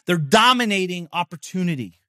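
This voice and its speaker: A man's voice: high-pitched, expressive, brisk, a bit bright, dry recording, studio quality. A man hosting his own podcast, talking in a brash, profane, salesy pep-talk monologue. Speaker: podcast host. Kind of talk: casual motivational monologue.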